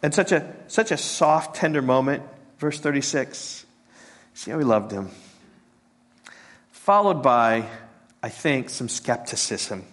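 A man preaching a sermon as a pastor, halting and repeating words, sinking to a soft hush on tender points. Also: medium pitch, expressive.

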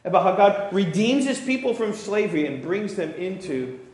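A man's voice: sits high, big pitch swings, moderate pace, darkish tone. A man preaching a sermon, reading scripture aloud and then explaining it earnestly, sometimes stumbling into small restarts. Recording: very echoey room.

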